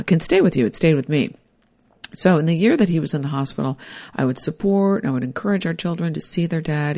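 A woman's voice: low voice, darkish tone. A middle-aged woman giving a personal, reflective talk about life lessons, earnest and heartfelt. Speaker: speaker sharing life lessons.

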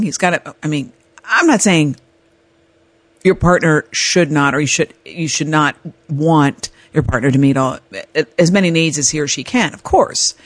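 A woman hosting an advice podcast, telling a personal story in a candid, animated way. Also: deep voice, dry recording. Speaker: podcast host.

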